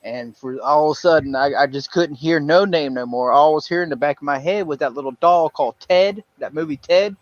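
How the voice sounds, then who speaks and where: Man, Southern US accent, stream host, giggly, stumbling, highish voice. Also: fairly quick, few pauses, no room sound, lo-fi sound. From South Carolina, USA. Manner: chuckly, stumbling over words. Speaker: livestream host. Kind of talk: casual chat.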